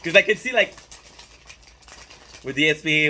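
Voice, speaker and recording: Bright-voiced, profane young vlogger man. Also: on the high side, expressive, a little slow, a little hiss or hum. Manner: loose and profane, hyped asides. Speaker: mukbang vlogger. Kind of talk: casual vlog chatter while cooking.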